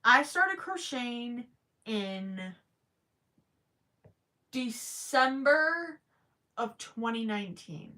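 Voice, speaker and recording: A young woman hosts a casual crochet livestream and reads viewer comments aloud as she works. She has a bright, clear voice and a slow, unhurried pace, and she rambles a little with plenty of fillers. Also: on the high side, animated.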